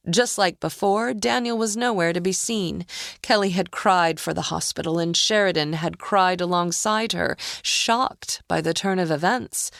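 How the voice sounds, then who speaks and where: Slow, gravelly woman narrating a thriller. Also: deep voice, a bit bright, no room sound, clean studio sound. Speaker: audiobook narrator.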